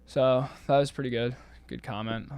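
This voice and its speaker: A man's voice: medium pitch, fairly even intonation, moderate pace, a little mellow, clear, resonant tone, dry recording. Young guy hosting his own show, swears a lot, gets heated, mid voice, dry close sound. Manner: profane, heated and blunt. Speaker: podcast host. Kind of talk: casual reaction chat.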